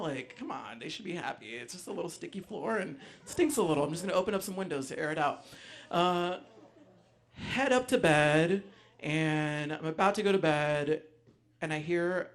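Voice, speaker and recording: A man telling a personal story live on stage, animated, acting out voices, with frequent ums. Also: a little high, normal speed. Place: stage before a live audience.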